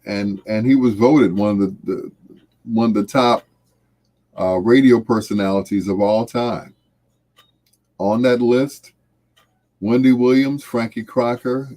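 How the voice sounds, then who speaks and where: A radio host with a fairly low-pitched voice presents a late-night show, speaking slowly, reflectively and from the heart, his words trailing off softly.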